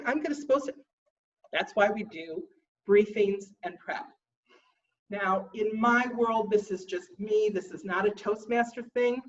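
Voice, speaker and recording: Woman trainer, fussy and emphatic, briefing a group; mid-pitched voice, distant muffled audio. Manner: emphatic, slows down to stress points; self-described fussy stickler. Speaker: contest trainer.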